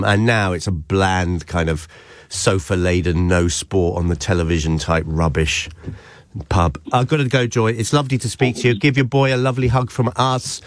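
A man's voice: low-pitched, normal speed, no echo, studio quality. A man hosting a radio show, chatting in a rambling, jokey way. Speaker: radio host. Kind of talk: casual radio chat. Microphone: studio mic.

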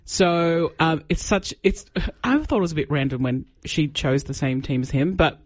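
A woman co-hosting a breakfast radio show, telling a story in an excitable, gushing way with giggles. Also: low-pitched, moderate pace, no echo. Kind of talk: casual radio chat.

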